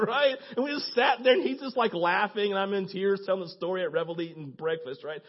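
Husky, animated man preaching a sermon. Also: high-pitched, fast, hardly any pauses. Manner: lively storyteller, acts out quoted voices, laughs often. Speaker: pastor. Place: church. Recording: dull lo-fi sermon recording.

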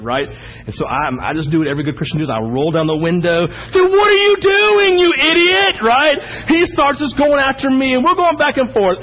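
A man preaching as the pastor, telling animated stories with sudden loud bursts. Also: a little high, slightly rough, highs cut off. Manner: animated storytelling, acting out anecdotes with sudden shouts. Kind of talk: sermon.

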